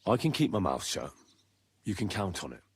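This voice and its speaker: Confident young adventurer, video game, low husky voice, dry sound. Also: male voice, moderate pace, heavily acted. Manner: steady, self-assured bargaining.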